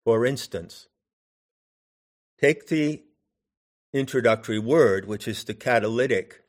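An older man giving a measured, deliberate lecture on poetry, lingering on key words as he explains them. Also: mid-range voice. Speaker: teacher.

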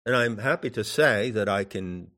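A man giving slow meditation instruction in drawn-out phrases with long pauses. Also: on the low side, expressive, bright, forceful tone. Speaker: meditation teacher.

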